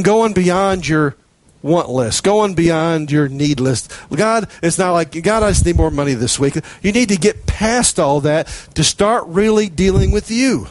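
A man preaching a sermon in a relaxed, conversational way, telling stories and acting out prayers in his own voice. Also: fairly high pitch, dry recording. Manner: conversational, storytelling, acts out quoted prayers.

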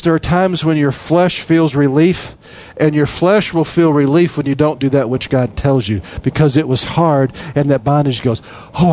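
A man preaching a sermon in an animated way, acting out voices and laughing as he goes. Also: a little high. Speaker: pastor.

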